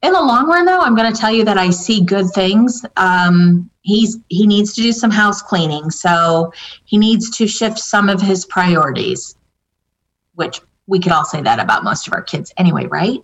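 Her mid-range voice is expressive and moves at a normal speed as she gives a psychic reading for viewers. She hesitates often, using fillers and starting over while relaying the spirits' messages, all captured in a dull lo-fi recording.

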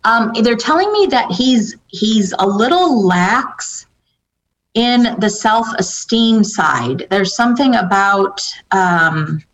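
A medium-pitched woman speaks expressively at a slow pace while giving psychic readings in response to viewer questions. Casual and tentative, she keeps restarting and using fillers as she relays the spirits' messages, recorded in dull lo-fi sound.

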